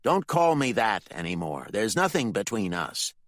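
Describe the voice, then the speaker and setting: Man doing a cruel middle-aged preacher dad, low voice thick with rage, menacing, audiobook. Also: big pitch swings, normal speed, no room sound, clean studio sound. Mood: cold, stern. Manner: cold and menacing, bursts into shouting. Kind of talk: audiobook character voice.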